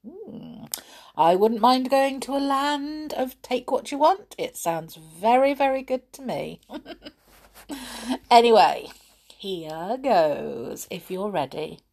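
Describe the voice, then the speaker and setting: A woman reading a children's storybook aloud in a gentle, soft-spoken way, dropping to a whisper now and then. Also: on the low side. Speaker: storybook reader.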